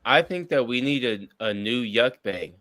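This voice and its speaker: A man's voice: mid-range voice, lively intonation, normal speed, bright, forceful tone, dry recording, studio quality. A man in his thirties chatting casually on a stream, blunt and crude, often talking over others. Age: 30s. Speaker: streamer in group chat. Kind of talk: casual chat.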